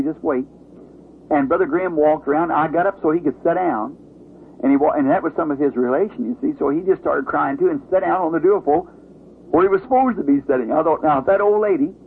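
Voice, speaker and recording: Preacher telling a story on a tinny old recording. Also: male voice, a little hiss or hum. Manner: storytelling, rising pitch at dramatic moments. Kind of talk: sermon testimony.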